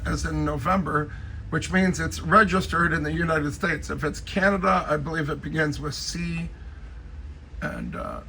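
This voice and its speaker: A man's voice: on the high side, gravelly, sharp tone, a little hiss or hum, poor audio. A man casually giving a rambling, joking tour of his cluttered space, talking straight to a friend.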